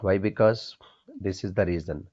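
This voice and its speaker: This coding lesson comes from a man whose voice sits very low, with a darkish tone and a moderate pace, speaking plainly as a programming instructor. He raises questions for the class and resolves them himself, saying every main idea twice. The audio is dull and lo-fi.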